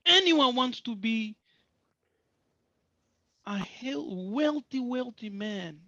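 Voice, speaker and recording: Man, slow-paced sabbath class teaching, emphatic and repetitive, dull lo-fi dry recording. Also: extremely high pitch, animated, bright, forceful tone, dry recording. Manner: emphatic, repeats phrases, asks rhetorical questions. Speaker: religious teacher.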